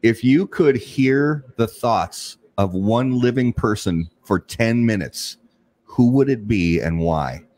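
A man's voice: mid-range voice, lively intonation, slow, darkish tone. A man hosting a casual podcast, asking guests questions and cracking dry sarcastic jokes. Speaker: podcast host. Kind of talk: casual chat, interviewing.

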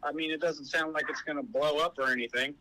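Man, emergency dispatcher, phone call, hesitant, polite, fairly high voice, bright tone. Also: steady tone, quick pace. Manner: hesitant, filler-heavy, polite. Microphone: telephone.

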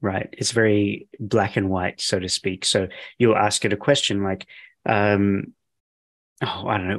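Enthusiastic, low-pitched male podcast host. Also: steady tone, normal speed, a bit bright. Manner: enthusiastic, chatty. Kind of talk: casual podcast chat.

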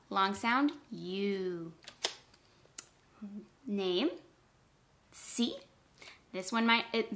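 A woman teacher leading a phonics lesson for young children, speaking slowly and clearly and encouraging her class. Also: medium pitch, pushed and bright. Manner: slow, clearly paced, encouraging.

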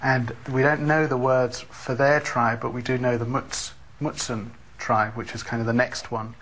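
A man on a ghost-hunting team, explaining his research quickly and matter-of-factly. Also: medium pitch, level tone, fairly bright tone. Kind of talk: explaining during an investigation.

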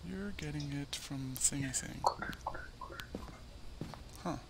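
A man's voice: a little high, takes it slowly, vocal fry, heavy background noise. A man streaming a ghost-hunting game, chatting playfully with friends while his voice comes through choppy. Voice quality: choppy, glitchy voice audio. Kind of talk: casual gaming chat.

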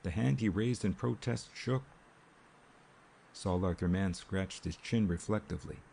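A man narrating an audiobook in a measured, steady way. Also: sits low, creaky, slight background noise. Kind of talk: scripted narration.

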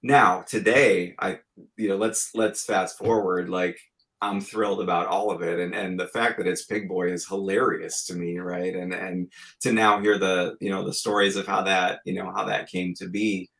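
A man in his forties with a low, gravelly voice, chatting on a podcast. He speaks earnestly and reflectively, working through his thoughts as he goes. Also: flat delivery, moderate pace, fairly bright tone, poor audio. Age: 40s. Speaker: podcast guest co-host. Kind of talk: casual podcast chat.

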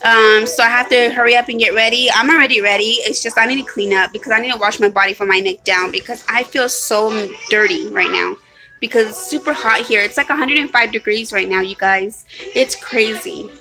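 Music plays behind a vlogger as she chats fairly quickly on a live stream from her hot room at home. Her voice is on the high side; she's apologetic and rambling, with many ums and restarts, captured in low quality on a phone or webcam.

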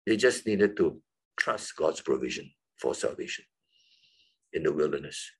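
Male Bible teacher, husky voice, very lively pitch, emphatic classroom delivery. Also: moderate pace, rough recording. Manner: lively, emphatic, rising high on key words.

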